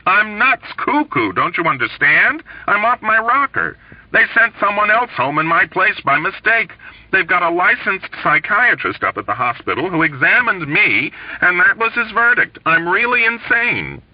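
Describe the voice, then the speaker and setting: A man's voice: high voice, very animated, normal speed, no room sound, pitched above the performer's own voice. Man doing a frantic young airman, insistent, swoopy voice, dry lo-fi sound. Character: desperate, indignant young male bomber airman. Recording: dull lo-fi dry recording.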